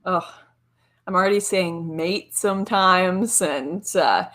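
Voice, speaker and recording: A woman with a Canadian accent, a guest on a casual livestream interview, chatty and quick to laugh, with lots of filler likes. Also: lowish voice, a bit bright.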